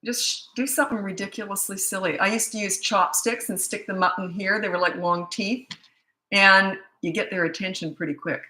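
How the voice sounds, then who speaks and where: A woman's voice: mid-range voice, steady tone, fairly quick, bright, forceful tone. Chatty woman in an echoey room. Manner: rambling, chatty, often restarts sentences. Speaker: parenting coach. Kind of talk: casual Q&A answering viewer questions.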